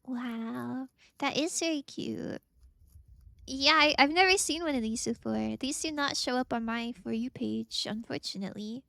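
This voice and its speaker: A woman's voice: high-pitched, a little slow, gravelly, a bit bright, no echo. A woman streamer chatting casually while playing games, bubbly and gushing, laughing often. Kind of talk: casual gaming stream chat.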